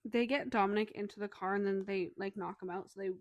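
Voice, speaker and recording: A woman co-hosting a casual book podcast, retelling a story's scenes with lots of swearing and quick acted-out dialogue. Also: mid-range voice, steady tone, dry recording. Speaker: podcast co-host. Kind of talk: casual book review chat.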